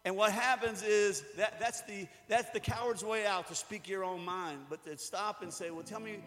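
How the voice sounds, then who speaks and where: This pastor's voice sits high and steady, a bit bright, at a moderate pace as he preaches a sermon to a room in a church hall. Conversational and joking, he acts out little quotes while music plays behind him amid the hall reverb.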